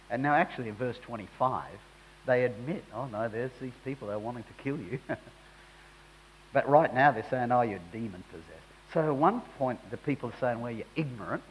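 A man's voice: mid-range voice, slight background noise, low-quality recording. A man preaching a sermon in a conversational way that rises into emphatic bursts.

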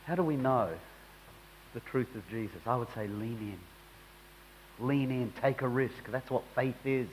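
A man's voice: medium pitch, a little slow, pauses often, slight background noise, rough recording. A man preaching a sermon in a conversational way that rises into emphatic bursts.

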